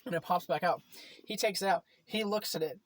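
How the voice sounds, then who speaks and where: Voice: mid-range voice, fairly quick. Laid-back teen swapping school stories. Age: late teens. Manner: rambling storyteller, swears freely, laughs often. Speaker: podcast co-host. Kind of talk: casual chat.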